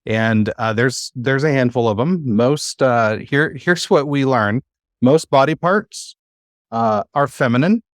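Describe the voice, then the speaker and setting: Male teacher, patient and encouraging, mid-pitched, dry recording. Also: measured pace, no room sound. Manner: patient, encouraging, filler-heavy. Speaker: Hebrew teacher. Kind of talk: classroom teaching. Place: classroom.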